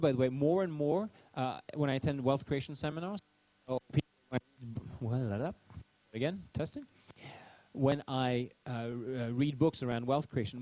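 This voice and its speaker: This man's voice is mid-range with a dark tone as he delivers a live seminar talk to an audience. His delivery wanders, full of restarts and humorous asides, captured on a dull lo-fi recording.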